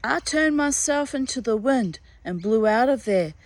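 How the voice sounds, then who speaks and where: A woman's voice: fairly high pitch, animated, a little slow, dry recording, voice pushed up. Woman playing a boastful hairy swamp conjure man. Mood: smug.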